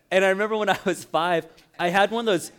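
A young adult man, a pastor, preaching a sermon with animated storytelling and frequent laughs. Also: high voice.

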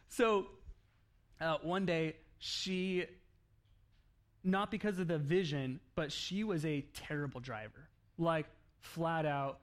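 A man preaching a sermon, telling a story in an animated way with laughs and acted-out quotes. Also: a little high, slow. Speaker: pastor.

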